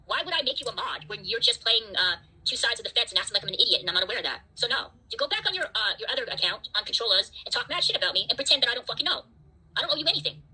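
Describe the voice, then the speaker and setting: A woman's voice: on the high side, lively intonation, very fast, bright, forceful tone, slightly rough, poor audio. A woman hosting a livestream, ranting at her chat in an angry, profane, defiant way. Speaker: livestream host.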